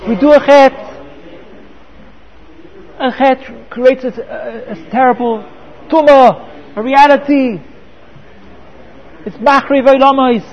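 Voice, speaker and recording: A man's voice: extremely high pitch, steady tone, takes it slowly, long pauses, lo-fi sound. A man teaching a Torah class, often repeating words and mixing in Hebrew terms.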